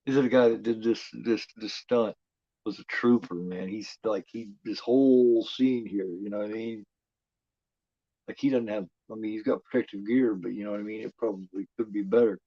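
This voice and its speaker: A man hosting a horror watch-along, giving profane, rambling, excitable live commentary on a film. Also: lowish voice, moderate pace, no echo. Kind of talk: casual live movie commentary. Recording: dull lo-fi home recording.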